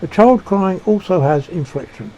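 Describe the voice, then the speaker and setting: A man giving a reflective monologue, halting and searching for words with frequent restarts. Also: high voice, lively intonation, warm tone, highs cut off, a little hiss or hum. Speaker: speaker sharing personal beliefs.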